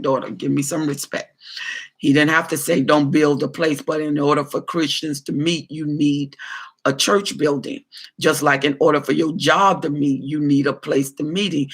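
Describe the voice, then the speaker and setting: A man's voice: a little high, gravelly, a bit bright, slightly rough. A man, a pastor, answering viewer comments on a livestream in a preachy way, repeating phrases for emphasis.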